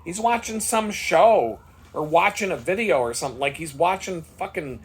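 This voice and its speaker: A man's voice: a little high, lively intonation, normal speed, husky. A man vlogger telling a story in a casual monologue, worked up and swearing freely.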